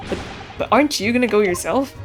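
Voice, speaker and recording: A woman's voice: mid-range voice, animated, quick pace, over music, lightly acted. A woman reading the lines of an earnest, polite young male lawyer from Japan. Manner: polite, hesitant.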